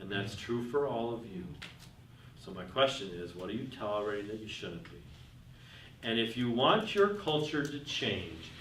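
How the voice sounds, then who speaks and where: A man tells business stories at a workshop and keeps asking his listeners questions. He speaks at a middle pitch. He sounds set back from the mic in a roomy hall with a faint hum behind him. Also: fairly bright tone, distant mic. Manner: tells anecdotes and asks the audience questions. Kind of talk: workshop talk with told stories. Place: room with a live audience.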